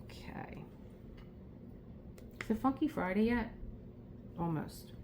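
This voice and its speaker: A woman's voice: mid-range voice, expressive, takes it slowly, a little mellow, slight background noise. A middle-aged woman with a South Philadelphia accent, chatting casually and rambling as she crafts, laughing often. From Philadelphia, USA. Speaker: crafting vlogger. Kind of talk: casual chat while crafting.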